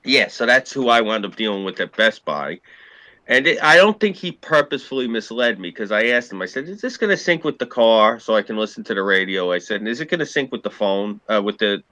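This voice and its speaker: A man, his voice pitched slightly low and bright, tells long, rambling stories and swears freely in a casual group chat. The recording is dry and close. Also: lively intonation, fairly quick, no room sound. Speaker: podcast co-host.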